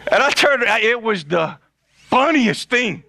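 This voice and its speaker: A male pastor telling a funny story in a sermon, animated and laughing often. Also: very high voice, a little slow, gravelly, a faint crowd.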